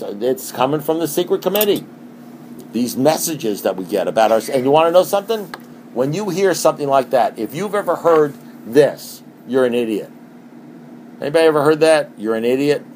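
A middle-aged man giving a talk at a recovery meeting, speaking in an animated, repetitive way and asking his listeners rhetorical questions. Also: on the high side, moderate pace, a little hiss or hum.

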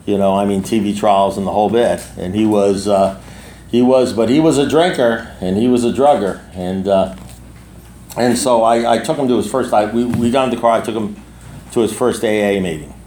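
A man's voice: fairly low pitch, moderate pace, mellow, roomy sound, a little hiss or hum. A man in his sixties speaking to a recovery group, telling a long personal story in a rambling way with many restarts and asides. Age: 60s.

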